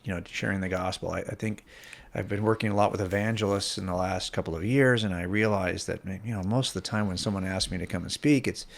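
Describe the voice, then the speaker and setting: A man's voice: low voice, steady tone, fast talker, creaky. A man hosting a podcast interview, prompting his guest and reflecting on his own speaking work. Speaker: podcast host. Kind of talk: interview conversation.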